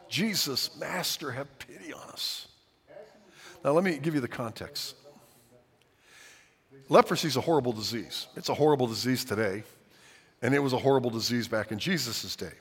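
A man preaching a sermon as pastor, swinging from hushed lines to loud, dramatic outbursts. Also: medium pitch, animated, fairly quick, slightly rough. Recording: long hall reverb.

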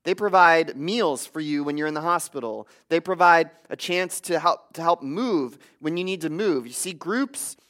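A man's voice: a little high, normal speed, few pauses, fairly bright tone. A man preaching a sermon from a church stage, speaking earnestly and conversationally with frequent restarts. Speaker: pastor.

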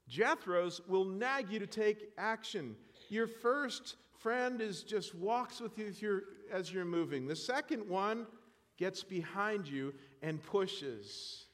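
High-voiced joking preacher in a reverberant church. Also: male voice. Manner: animated, joking and self-deprecating. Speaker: pastor. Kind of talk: sermon.

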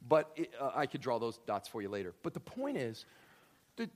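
A man preaching a sermon, telling a story with lively acted-out voices and swinging from quiet to loud. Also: medium pitch, normal speed. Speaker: pastor.

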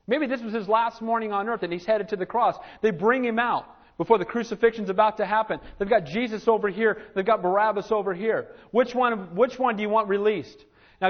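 A male pastor preaches in a high voice. He moves between soft, earnest passages and loud exclamations, often calling out to his listeners. The recording sounds muffled and lo-fi. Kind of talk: sermon.

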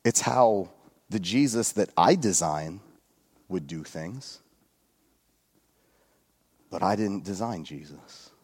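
A man's voice: sits low, lively intonation, takes it slowly, long pauses, a little mellow, slightly rough. Man preaching a casual, joking sermon. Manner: casual storytelling with jokes and asides. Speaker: pastor. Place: church service.

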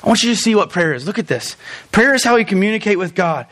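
A young man preaching with a high-pitched voice. He swings between loud, quick bursts and slow, drawn-out stretches, throws in jokes, and speaks straight to the congregation. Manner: animated, joking asides, talks straight to the congregation. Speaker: pastor. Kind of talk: sermon.

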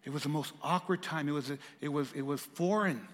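A pastor preaching a sermon, swinging from raised, emphatic lines to hushed, soft ones. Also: male voice, fairly high pitch, brisk, big-room sound.

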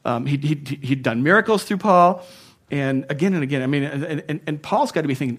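Conversational male preacher, soft and loud by turns. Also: a little high, expressive, fairly quick, breathy edge. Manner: conversational, chuckles at his own asides; shifts between loud emphasis and soft, hushed passages. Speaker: pastor. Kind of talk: sermon.

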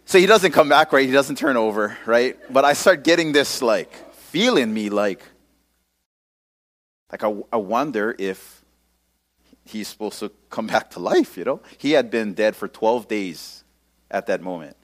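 A man's voice: mid-range voice, expressive, normal speed, a bit bright. A male pastor telling a personal story in a casual sermon, using lots of local slang.

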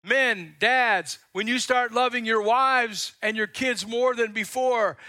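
Older male pastor, sermon delivery, high-pitched and bright, dry close sound, stumbles over words. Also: slow pace, hardly any pauses, no room sound. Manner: animated storytelling, acts out quotes.

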